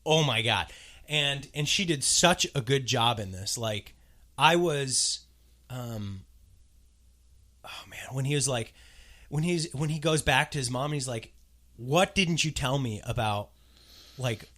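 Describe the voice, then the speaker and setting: A man co-hosting a casual podcast chat, gushing and animated as he talks. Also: medium pitch, a little slow, long pauses. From US West Coast. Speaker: podcast co-host.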